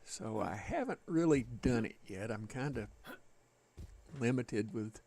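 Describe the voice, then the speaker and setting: Gravelly Southern man chatting casually. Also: mid-range voice, animated, measured pace, mellow. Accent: Southern American. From Southern United States. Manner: folksy, rambling, chatting with viewers. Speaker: game streamer. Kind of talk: casual chat with a live chat while gaming.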